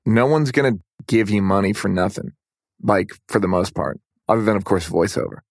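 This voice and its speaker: A man's voice: fairly low pitch, brisk, no room sound, studio quality. A middle-aged man talking loosely in a casual podcast conversation, rambling and full of "like". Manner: loose and rambling, heavy use of "like". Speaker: guest.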